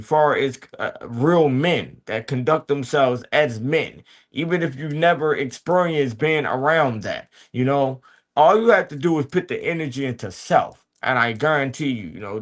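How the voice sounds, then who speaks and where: A man's voice: mid-range voice, a bit bright. Blunt, profane male podcast host. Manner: blunt and profane, preachy street talk with many "you hear me". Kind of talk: casual motivational monologue.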